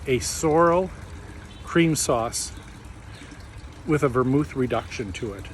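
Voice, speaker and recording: A man hosting a casual cooking demonstration, explaining each step in a relaxed, chatty way from his home kitchen. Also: on the high side, normal speed, slight background noise, poor audio. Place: backyard garden, then home kitchen.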